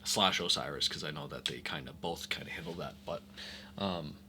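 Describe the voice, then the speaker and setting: A man playing in a tabletop game, describing his actions slowly and hesitantly. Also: rumbling low, pushed and bright, slight background noise. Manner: slow and hesitant, many fillers. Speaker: player. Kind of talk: tabletop role-play, in character.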